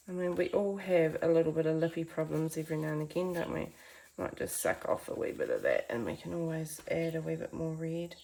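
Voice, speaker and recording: A woman's voice: on the low side, a little mellow. A woman giving a chatty, encouraging painting tutorial from her home art studio, talking to viewers as friends. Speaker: art teacher.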